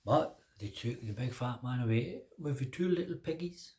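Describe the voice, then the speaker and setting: An older man spins a bedtime tale in a relaxed, conversational way. He stretches words and drops to a hush at key moments, pausing for suspense. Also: mid-range voice. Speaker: storyteller. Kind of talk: telling a children's story.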